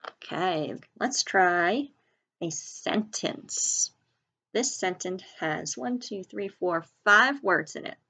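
A woman's voice: lowish voice, animated, bright, forceful tone. A woman teacher leading a reading lesson for children, sounding out words syllable by syllable and spelling them letter by letter. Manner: slow, clear enunciation, sounding out syllables and letters.

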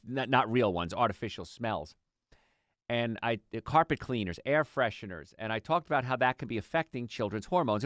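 A middle-aged man hosting a health radio show, telling patient stories in an animated, conversational way. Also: medium pitch, no echo, clean studio sound. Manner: animated storytelling, acts out patients' lines.

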